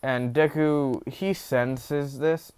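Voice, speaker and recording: A man's voice: mid-range voice, steady tone, extremely slow, a little mellow, clear, resonant tone. A man casually retelling a fan story off the cuff, rambling with many fillers and self-corrections.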